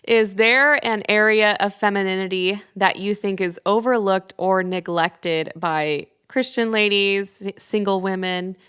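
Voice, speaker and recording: A woman hosting a podcast who speaks in a measured way and asks thoughtful questions. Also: medium pitch, fairly bright tone, clean tone. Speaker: podcast host. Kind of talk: casual chat.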